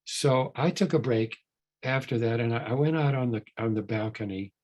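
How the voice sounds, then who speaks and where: A man's voice: medium pitch, moderate pace, a little mellow. An older man speaking at a recovery workshop, telling a story in a rambling, earnest way with many restarts and repeated words.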